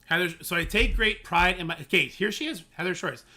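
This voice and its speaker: A man live-streams a game and rants at his chat in exasperation, swearing heavily. His voice sits high and sounds pushed and bright, moving fairly quickly over soft background music.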